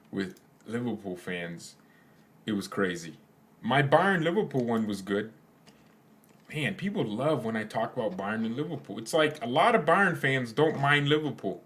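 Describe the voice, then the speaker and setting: A man's voice: on the low side, a bit bright. A young man hosting a fan channel, chatting casually with his viewers in a rambling, joking way. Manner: rambling, joking, trails off into silly asides. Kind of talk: casual live chat with viewers.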